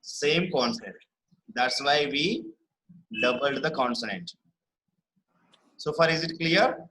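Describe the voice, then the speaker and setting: Teacher, bright and patient. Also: male voice, medium pitch, animated, poor audio. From India. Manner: explains patiently, checks understanding with "right?" and "correct?"; repeats key words slowly for emphasis. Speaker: spelling teacher. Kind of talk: online spelling lesson.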